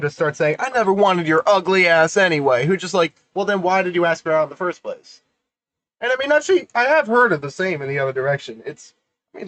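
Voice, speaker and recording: A man's voice: fairly high pitch, a bit bright, no room sound, poor audio. A man hosting a livestream, reacting casually to a clip, rambling with fillers and eating while he talks.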